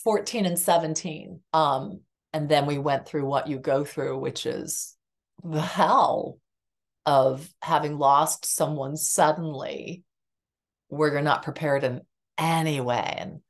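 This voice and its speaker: A middle-aged woman guest with a notably low voice speaks candidly about her own life. She is earnest and emotional, and her speech is loose and conversational, scattered with fillers. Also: takes it slowly. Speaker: guest psychotherapist. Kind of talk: candid personal storytelling.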